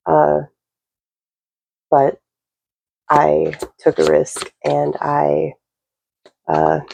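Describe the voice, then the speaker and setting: A woman's voice: sits low, creaky, dark tone, a little hiss or hum, low-quality recording. A woman giving a casual spoken reading to camera, rambling with lots of fillers and the odd swear word.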